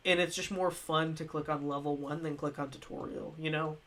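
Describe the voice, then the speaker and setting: A game-reviewing streamer with a medium-pitched, somewhat bright voice and fairly even intonation talks fairly quickly on a live stream. Coming down with a cold, they sound slightly stuffy while rambling, correcting themselves, restarting, and laughing often.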